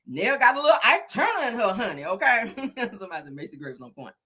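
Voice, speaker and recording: A woman recapping a reality show episode in a sassy, animated, slang-filled way. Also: a little high, fast talker, breathy edge. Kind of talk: casual chat.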